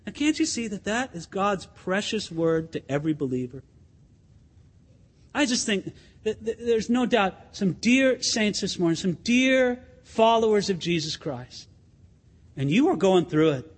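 High-voiced, husky preaching man. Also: sing-song, a little slow. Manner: earnest, emphatic, addresses listeners as friends. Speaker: pastor. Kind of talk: sermon. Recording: long hall reverb.

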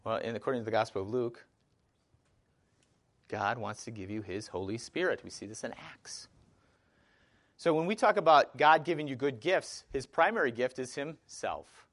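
A man's voice: medium pitch, moderate pace, long pauses, fairly bright tone. A man with a Wisconsin accent teaching a Bible study class, speaking conversationally with fillers and questions to the group.

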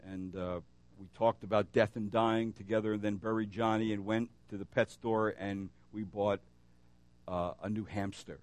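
Speaking at a moderate pace in a lowish voice, a male pastor delivers an animated sermon that builds in emphasis and includes storytelling asides. He moves from forceful declarations to a relaxed, story-telling manner with frequent fillers.

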